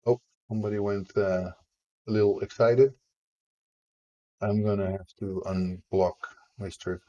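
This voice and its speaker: A man with a very deep, low-pitched voice talks casually on a live stream. He rambles a little and keeps up a playful back-and-forth with viewers as he works on his game. His tone stays relaxed and chatty throughout. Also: a little slow, long pauses, lo-fi sound. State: tickle in the throat. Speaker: indie game developer streaming.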